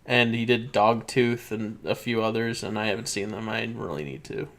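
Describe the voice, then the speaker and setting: A man's voice: fairly low pitch, fairly even intonation, normal speed, fairly bright tone. A young man co-hosting a podcast, his delivery loose and rambling. He laughs often and backs up to rephrase what he meant. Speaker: podcast co-host. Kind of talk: casual chat.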